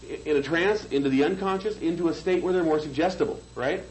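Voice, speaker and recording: A man's voice: on the high side, quick pace, a little mellow, a little hiss or hum, low-quality recording. A man teaching a hypnosis seminar, lecturing conversationally and checking in with the room. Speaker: hypnosis trainer.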